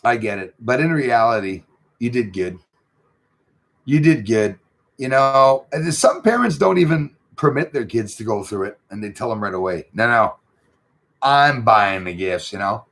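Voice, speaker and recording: A man's voice: medium pitch, expressive, normal speed. A middle-aged man, chatting casually and rambling with lots of fillers as host of his livestream. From Canada. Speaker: channel host reading live chat.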